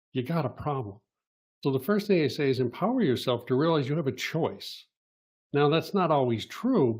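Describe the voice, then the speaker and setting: A man with a husky, mellow voice gives career advice on a panel. He talks in an emphatic, coaching way, full of rhetorical questions. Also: medium pitch. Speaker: co-host. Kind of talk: panel discussion.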